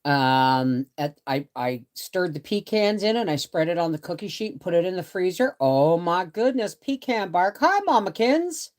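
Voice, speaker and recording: A woman's voice: on the low side, animated, normal speed, hardly any pauses, a little mellow. A middle-aged woman chatting casually on a live stream from her bed, rambling and greeting viewers by name. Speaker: homestead channel host. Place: bedroom, in bed.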